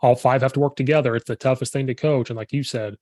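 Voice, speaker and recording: A lively man with a slightly hoarse voice, talking shop on his podcast and acting out his own stories with quick laughs. His voice sits at an ordinary middle pitch, and he sounds close and dry, with no room around him. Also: no room sound. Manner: animated storyteller, quotes himself, laughs often. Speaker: podcast host and football coach. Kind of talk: casual chat.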